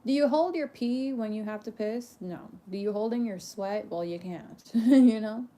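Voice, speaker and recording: A woman's voice: a little high, moderate pace, mellow. A woman performer speaking candidly and casually to her audience, emphatic and preachy, laughing often, swearing and using casual slang.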